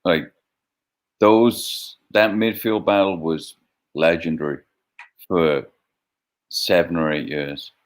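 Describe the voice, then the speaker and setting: A man's voice: deep voice, fairly even intonation, slow pace, long pauses. A man co-hosting a casual sports chat, emphatic and profane. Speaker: co-host. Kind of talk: casual banter among friends.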